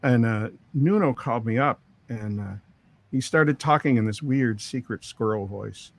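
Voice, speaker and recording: A middle-aged record producer speaks in a creaky, mid-range voice at a normal speed. As an interview guest, he tells long, rambling stories about the studio, packed with quoted dialogue.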